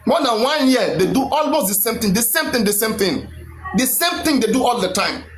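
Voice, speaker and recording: A man's voice: very high-pitched, very animated, normal speed. A Nigerian man hosting a live stream, talking emphatically and repeating himself like a preacher. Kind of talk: animated live stream rant. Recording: echoey room with faint noise.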